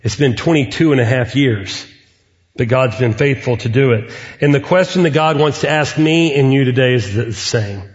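Earnest preaching man in a reverberant hall. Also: mid-range voice. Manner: earnest preaching with deliberate pauses. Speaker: pastor. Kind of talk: sermon. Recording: reverberant hall, muffled sound.

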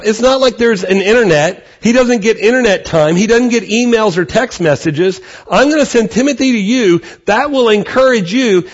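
A male pastor preaching a conversational sermon, acting out quotes with animated energy. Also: sits high, breathy edge, highs cut off.

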